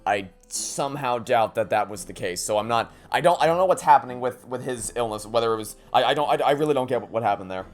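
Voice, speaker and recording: A man's voice: mid-range voice, expressive, fast talker, hardly any pauses, soft background music. A man giving casual let's play commentary, thinking aloud in a rambling way with many restarts.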